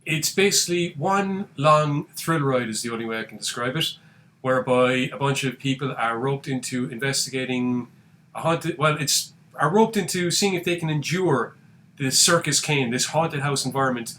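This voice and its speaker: A man's voice: medium pitch, moderate pace, fairly bright tone, slight background noise. A man co-hosting a podcast, chatting casually and adding wry asides. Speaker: podcast co-host. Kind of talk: casual chat.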